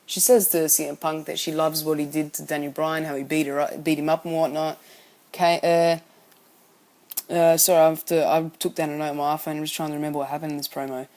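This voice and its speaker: A man's voice: on the high side, flat delivery, a little fast, darkish tone. A man giving a casual spoken recap of a wrestling show, rambling and often correcting himself as he goes. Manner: rambling, frequently self-correcting.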